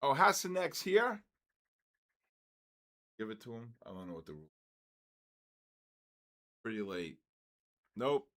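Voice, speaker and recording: An older man leads a live trading stream, playfully exasperated as he sing-songs viewers' names loudly. His mid-range voice swings hugely in pitch, and he talks slowly, pausing often.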